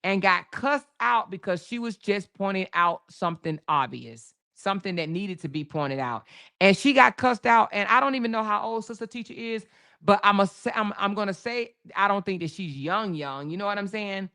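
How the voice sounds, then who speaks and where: A woman hosts a livestream and vents straight at her chat in a casual rant. She swears freely and calls out viewers by name. Her voice stays smooth and resonant under all the heat. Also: medium pitch, lively intonation, moderate pace, bright, forceful tone. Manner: heated and profane, addressing viewers directly. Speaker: livestream host.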